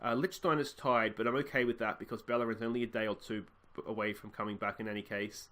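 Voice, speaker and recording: A man's voice: fairly low pitch, quick pace. Chatty man commentating a football game. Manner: chatty, musing, bursts of excitement. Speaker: let's play host.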